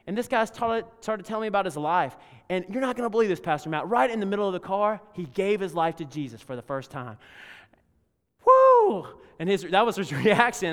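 A man preaching a sermon as pastor, telling a story and swinging between loud emphasis and hushed tones. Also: on the high side. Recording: long reverb of a large hall.

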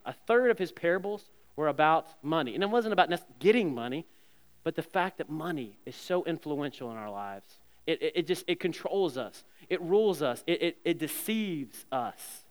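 A man's voice: a little high, clean tone. A man in his thirties preaching an earnest sermon as a pastor, often stumbling over repeated words. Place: church sanctuary. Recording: long reverb of a church hall.

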